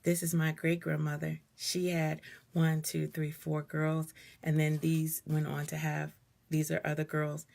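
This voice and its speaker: Gravelly, expressive woman talking to viewers. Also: deep voice, measured pace. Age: middle-aged. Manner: expressive, conversational, greets viewers mid-sentence. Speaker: speaker on a live stream. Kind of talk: personal talk to live viewers.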